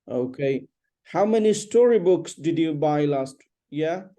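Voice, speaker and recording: Low, dark-voiced woman teacher. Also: animated, measured pace. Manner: patient, corrects pronunciation and has the student repeat. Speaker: English teacher. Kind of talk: one-on-one language lesson.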